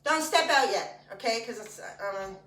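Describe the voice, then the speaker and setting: A woman's voice: a little high, animated, normal speed, a bit bright. A woman guiding an exercise class, giving step-by-step cues and joking between them. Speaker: fitness instructor. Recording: echoey room, mic far off.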